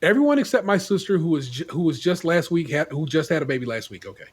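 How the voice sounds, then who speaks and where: A man's voice: a little high, big pitch swings, fast talker, slightly rough. A man hosting a podcast who reads forum posts aloud in a laid-back, wisecracking, profane way. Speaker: podcast host.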